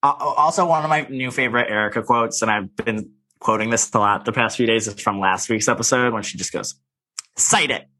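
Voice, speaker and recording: A man's voice: fairly low pitch, brisk, sharp tone. A man co-hosting a casual podcast chat, gossiping about a TV show and mimicking the people in it. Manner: gossipy, quotes people in mock voices. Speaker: podcast co-host.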